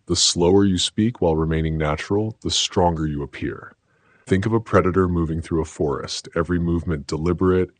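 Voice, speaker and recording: A man giving scripted motivational narration in a slow, deliberate, measured way, with a very deep, husky voice. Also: no room sound.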